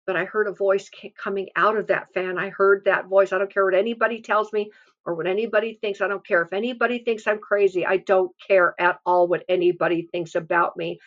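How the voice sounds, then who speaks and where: A woman's voice: mid-range voice, fairly even intonation, brisk. A woman giving an earnest devotional testimony and exhortation, stressing her points by repeating phrases. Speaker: devotional speaker. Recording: dull lo-fi sound.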